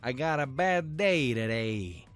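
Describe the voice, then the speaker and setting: A man doing a quick impression of a weary, fed-up grown man drifter, asking pushy, exasperated questions in a slightly raised voice. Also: mid-range voice, expressive, fairly bright tone, clean tone, pitched above the performer's own voice.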